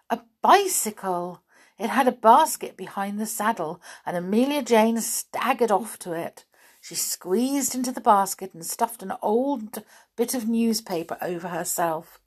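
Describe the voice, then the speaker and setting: A woman reading a children's storybook aloud in an expressive, animated way. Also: medium pitch, slightly rough.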